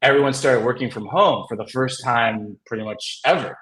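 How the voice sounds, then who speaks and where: A man's voice: medium pitch, moderate pace, fairly bright tone. A man, a comic writer and guest, telling a story in a casual, rambling way, filling it with "like" and laughing often. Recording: roomy echo.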